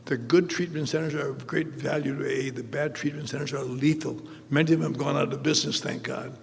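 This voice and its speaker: A man's voice: fairly high pitch, steady tone, quick pace, gravelly, a little hiss or hum. An older man giving a humorous storytelling talk as a recovery meeting speaker, with a wry manner and acting out the dialogue in his stories. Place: large convention hall. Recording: live talk with long hall reverb.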